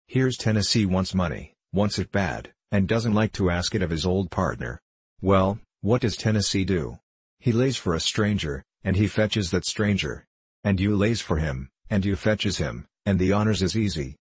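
A man puts on a grave, stout male miner from a storybook, pleading in rough backwoods dialect. The voice sits very low and husky, heard close and dry. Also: expressive, normal speed, no echo. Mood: earnest.

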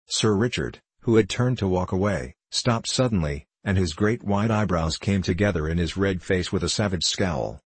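Man, audiobook narration, very deep voice, husky, dry close sound. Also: normal speed, few pauses, dry recording.

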